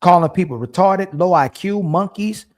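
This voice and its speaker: A man hosting a stream, reacting to a clip with indignant, repetitive commentary and pausing to search for words. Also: sits high.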